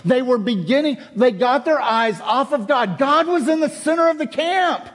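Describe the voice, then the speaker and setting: A man's voice: extremely high pitch, lively intonation, normal speed, a bit bright. A man preaching a sermon, reading scripture aloud and explaining it with rhetorical questions and repetition.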